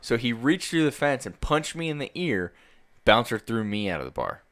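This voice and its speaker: A man co-hosting a podcast, telling a story in a relaxed, wry and slightly rambling way. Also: medium pitch, normal speed. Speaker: podcast co-host. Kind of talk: casual chat.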